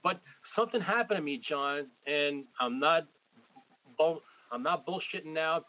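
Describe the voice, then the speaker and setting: A man's voice: a little high, normal speed, phone-quality sound. A man in his forties hosting an interview, effusive and rambling, often repeating himself. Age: 40s. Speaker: podcast host. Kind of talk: casual interview.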